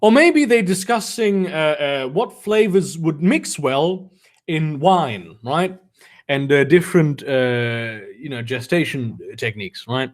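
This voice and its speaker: A man reads a badly written story aloud in a high, bouncing voice and keeps stopping to mock it. His tone stays sarcastic and amused. His pitch swings a lot from line to line. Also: lively intonation, slow pace. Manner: sarcastic, mocking commentary between read lines. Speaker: reader of fan fiction. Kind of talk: comedic dramatic reading with asides.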